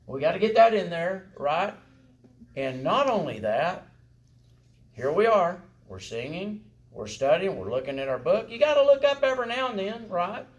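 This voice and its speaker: The recording is lo-fi, and the teacher's voice is high-pitched and very animated at a normal speed. He runs a song-leading class for congregational singing in a warm, folksy way, regularly asking "right?" and "okay?".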